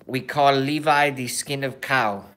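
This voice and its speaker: A man putting on a mock Kazakh accent, playing a crude, bragging foreigner in slow, halting broken English. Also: mid-range voice, a bit bright, close to an everyday voice. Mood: goofy. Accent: put-on mock Kazakh accent. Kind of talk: comedic impression in a vlog.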